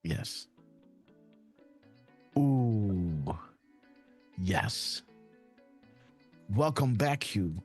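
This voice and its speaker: A man hosting a casual live stream, talking excitedly and tossing "right?" and "guys" into nearly every sentence. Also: on the low side, very slow, long pauses, breathy edge, soft background music. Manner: excited whoops and laughs. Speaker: host. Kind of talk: casual livestream commentary.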